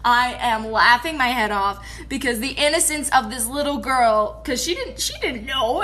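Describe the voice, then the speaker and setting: A woman who works in a toy store, casually telling funny customer stories to camera, animated and laughing as she goes. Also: a little high, normal speed, few pauses. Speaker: retail store employee.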